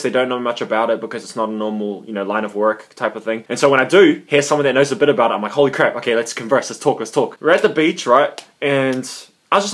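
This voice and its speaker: Young male vlogger, rapid delivery, mid-pitched, lively and profane, storytelling to camera. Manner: animated, swearing, acts out quoted reactions. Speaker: gaming coach and video creator. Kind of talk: casual vlog monologue with advice.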